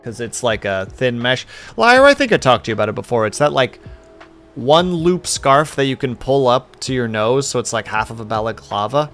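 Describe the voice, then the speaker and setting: A man's voice: medium pitch, big pitch swings, normal speed, fairly bright tone, soft background music. A man streaming live, chatting casually and rambling to his chat.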